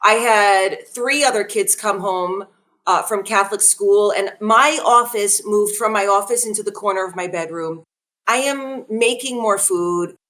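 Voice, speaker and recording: A woman in her forties speaking as a wellness guest on a podcast, animated and laughing readily, often asking listeners questions. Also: mid-range voice, measured pace. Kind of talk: conversational podcast talk.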